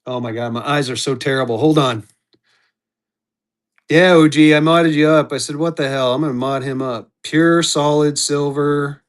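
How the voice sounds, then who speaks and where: A man's voice: fairly high pitch, steady tone, normal speed. A man hosting a live-stream auction, rambling casually and talking straight to his viewers. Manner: rambling and chatty, restarts, talks to viewers by name. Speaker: host of a live online auction.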